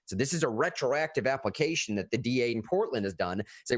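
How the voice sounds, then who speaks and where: A man talking casually about politics as a podcast co-host, animated and often restarting his phrases. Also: medium pitch, brisk, few pauses, no room sound, studio quality.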